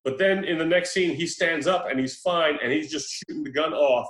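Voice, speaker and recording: A man hosting a casual podcast chat, telling a story in an animated way, laughing often and swearing freely. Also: on the high side, moderate pace. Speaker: podcast host reviewing a film. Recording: roomy echo.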